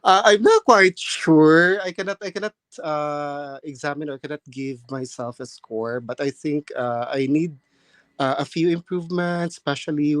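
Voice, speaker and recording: A man's voice: on the high side, moderate pace, a bit bright, no room sound. Hesitant man. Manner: hesitant, many fillers and restarts, polite. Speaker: nursing candidate practising for a speaking test. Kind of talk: mock exam answer and chat.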